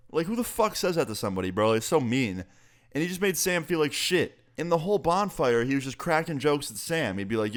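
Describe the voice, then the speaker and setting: A young man in his twenties telling a storytime vlog in a casual, profane, animated way. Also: medium pitch, fast.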